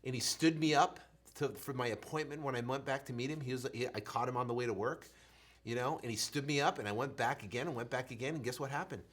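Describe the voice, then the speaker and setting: Speaking at a quick pace with a medium-pitched voice, a man in his thirties who coaches real estate shares his personal story motivationally. He's animated, shifts from loud to soft, and imitates his own stammer.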